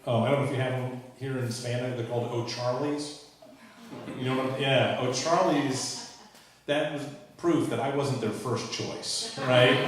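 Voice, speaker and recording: A man in his fifties from South Carolina doing a wry, self-deprecating stand-up comedy set. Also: mid-range voice. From Charleston, South Carolina. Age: 50s. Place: comedy club with live audience. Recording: echoey club audio from far off with crowd.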